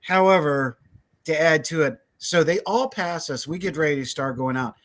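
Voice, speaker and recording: Animated storytelling man, a bit high. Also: moderate pace. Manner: animated, acts out quoted voices, laughs often. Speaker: podcast guest. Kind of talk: casual storytelling.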